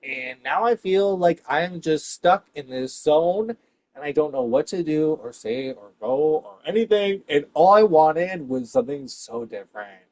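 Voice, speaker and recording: A man with a fairly high voice ranting straight to his viewers. His rambling, profane monologue lurches from loud outbursts to low, muttered asides. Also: lively intonation, unhurried. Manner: rambling and profane, swings between loud and hushed.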